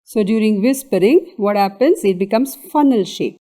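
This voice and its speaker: A woman's voice: mid-range voice, lively intonation, moderate pace, dark tone. A woman with an Indian English accent giving an exam revision lecture on anatomy, explaining step by step and often checking in with "okay".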